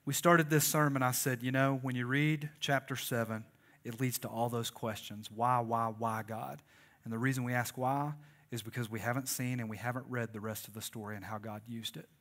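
A man's voice: mid-range voice, steady tone, fairly quick, fairly bright tone. A man preaching a sermon, conversational and joking and calling on the congregation to respond. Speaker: pastor.

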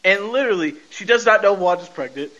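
A man chats through a casual podcast recap in a high voice. His tone is bright and forceful, and he tells the story animatedly with frequent laughs. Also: animated, quick pace, muffled recording. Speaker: podcast host.

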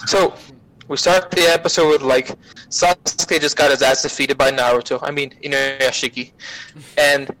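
A man guesting on a podcast, retelling an anime plot in a profane, rambling, animated way. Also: mid-range voice, normal speed, rough recording. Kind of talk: casual anime recap chat.

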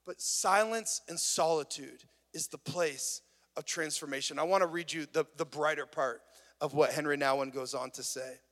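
A man's voice: a little high, moderate pace, a bit bright. A man, a pastor, preaching a conversational and earnest sermon. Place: worship venue. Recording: long reverb of a church hall.

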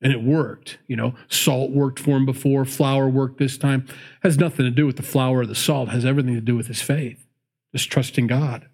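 A pastor with a mid-range, darkish voice that carries a breathy edge works through a Bible passage in a conversational sermon. His intonation stays fairly even and his pace moderate, and he laughs often and acts out the people in the story.

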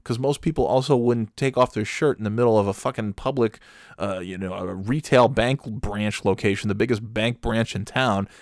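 A man's voice: lowish voice, normal speed, no room sound, studio quality. A man telling a casual comic anecdote, profane and exasperated. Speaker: storyteller.

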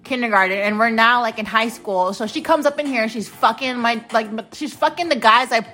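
Bright-voiced young woman ranting bluntly. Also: a little high, a little fast, faint music behind, poor audio. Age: late 20s. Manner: blunt, profane, heated ranting. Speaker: podcast host. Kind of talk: confessional podcast storytelling.

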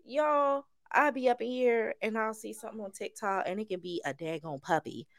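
A woman in her twenties or thirties co-hosting a casual podcast chat, with speech, expressive and playful. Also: on the high side, gravelly. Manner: expressive, playful, quick to laugh. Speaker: podcast co-host.

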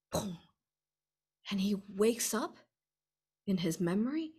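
A woman hosting a livestream Q&A, rambling and repeating herself, asking "right?" and sometimes dropping to a soft whisper. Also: medium pitch, lively intonation, unhurried, long pauses, husky. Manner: drops to a soft whisper at times. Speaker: host answering viewer questions. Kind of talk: livestream Q&A talk.

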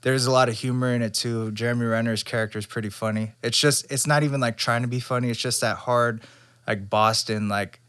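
A man's voice: medium pitch, a little fast. A young man co-hosting a podcast, talking casually and rambling with lots of fillers and restarts. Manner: rambling, animated, full of fillers. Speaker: podcast co-host. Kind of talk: casual chat about movies.

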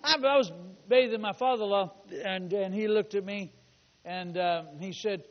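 A man preaching a sermon as pastor, fervent, with shouted declarations and call-and-response. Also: sits high, normal speed. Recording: long hall reverb, dull lo-fi sound.

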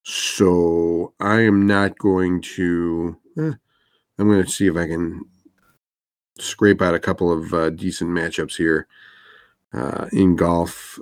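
A man's voice: low voice, level tone, takes it slowly, no echo, clean studio sound. A male sports betting show host in casual chat, talking hesitantly with many fillers.

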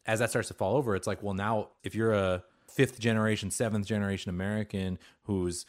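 A man's voice: lowish voice, fairly even intonation. A man who is a guest on a podcast, talking casually in a wry, opinionated way. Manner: fast, talkative, wry and opinionated. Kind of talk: casual conversation.

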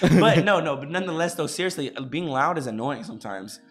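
A loud young man with a carrying, slightly higher-pitched voice chats animatedly as co-host of a live stream, laughing often and swearing casually. He talks close to a studio mic. Faint music plays underneath. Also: animated, fast. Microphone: studio microphone.

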